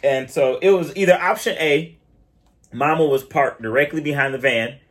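A man's voice: a little high, normal speed. A man from Michigan co-hosting a podcast, chatting casually and telling stories in quoted voices. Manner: animated storytelling with quoted voices. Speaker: podcast co-host. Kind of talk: casual chat.

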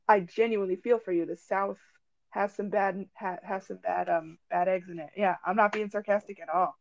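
A woman calling in to a talk show, earnest and quick with her replies. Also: mid-range voice, fairly even intonation, gravelly, no echo. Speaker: caller. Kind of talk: call-in debate. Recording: dry, dull lo-fi call audio.

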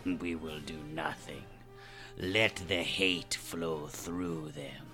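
Sinister old overlord voice, super slow and gravelly, sharp and tense. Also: male voice, very deep voice, fairly even intonation, faint music behind, pitched below the performer's own voice, exaggerated voice. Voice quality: gravelly, slow menacing delivery. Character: gloating evil galactic overlord, old male schemer. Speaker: podcast host doing a comedy sketch.

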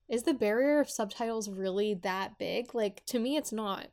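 A young woman co-hosting a casual podcast discusses a book and its series in a mid-range, somewhat dark voice, speaking a little slowly. Her talk is loose and chatty, packed with "like," fillers, and half-started sentences.

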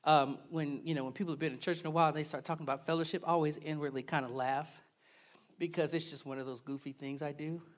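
A male pastor preaching a sermon, animated, swinging from loud preaching to soft, playful asides. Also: fairly high pitch, fast talker.

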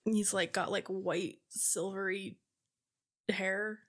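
A woman's voice: medium pitch, steady tone, takes it slowly. A young woman co-hosting a podcast in casual chat, giggly and gushing, leaning on "like" a lot. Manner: giggly, gushing, heavy use of "like". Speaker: podcast co-host.

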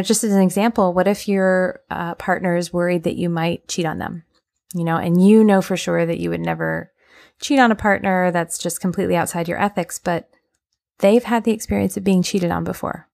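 A woman hosting a podcast, talking through relationship advice in a gentle, earnest way with plenty of ums and uhs. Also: on the low side, gravelly. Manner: gentle, earnest, filler-heavy explanation. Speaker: podcast host. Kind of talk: casual advice podcast monologue.

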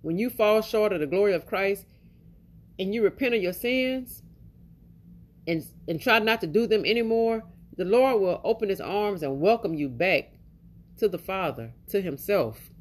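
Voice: medium pitch, animated, moderate pace. A preacher retelling a parable in an informal sermon, casual and rambling, with plenty of 'you know' and 'y'all'.

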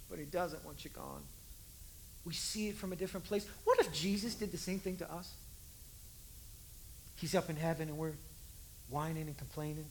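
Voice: mid-range voice, moderate pace, pauses often. A pastor giving a conversational sermon, repeating key lines for emphasis. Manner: conversational, acts out voices, emphatic repetition.

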